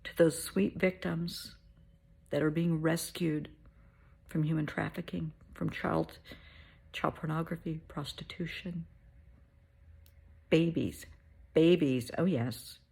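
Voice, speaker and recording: Middle-aged lady with a low gravelly husky voice, motherly pep talk, goes soft and whispery sometimes. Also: fairly even intonation, unhurried. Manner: soothing, motherly, calls listener honey; drops to soft whispers at times. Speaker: host.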